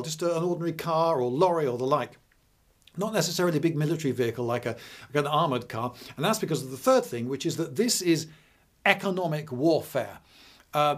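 A man with a slightly high voice talks through military history in a relaxed, rambling video lecture. He pauses often with "uh"s and slips in dry, wry asides. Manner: chatty, digressive, dry humour, frequent "uh"s.

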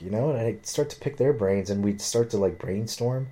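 Speaking a little fast in a mid-range voice, a man rambles through a long personal story in a casual way. He swears freely and acts out what other people said with animated quoting.

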